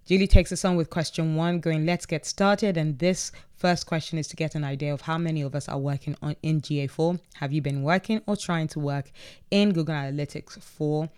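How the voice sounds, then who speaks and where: Brisk and steady, this podcast host has a clean, mid-range voice with a slightly mellow quality. The host goes over an online chat in an upbeat, casual manner, reading participants' posts aloud amid frequent laughter and self-corrections.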